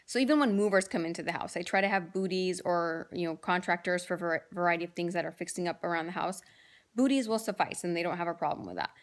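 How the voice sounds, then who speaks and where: A woman's voice: on the low side, quick pace. A woman in her thirties chatting casually to camera, telling amused family stories with lots of fillers and restarts. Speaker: vlogger telling home stories. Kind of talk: casual storytelling monologue.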